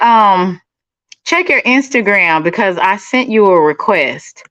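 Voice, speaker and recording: Speaking at a measured pace with lively intonation, this middle-aged Dallas woman hosts a livestream and reads out viewer comments. Her Texan-accented voice is medium in pitch and a bit bright, and she's sassy and talkative, calling people honey and baby; the recording is dry and muffled.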